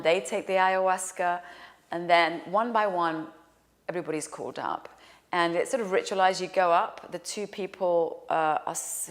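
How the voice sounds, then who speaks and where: A woman telling a personal story in an animated way, dropping to a hushed whisper for quoted lines. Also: fairly low pitch. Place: lives in New York.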